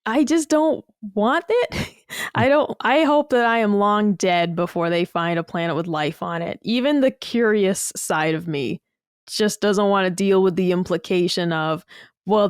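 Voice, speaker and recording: A woman talks on a podcast in a blunt, animated, unfiltered way and swears freely. Her voice is smooth and clear, recorded close and dry with no room sound. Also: fairly low pitch, measured pace, no room sound. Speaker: podcast guest. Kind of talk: casual podcast chat.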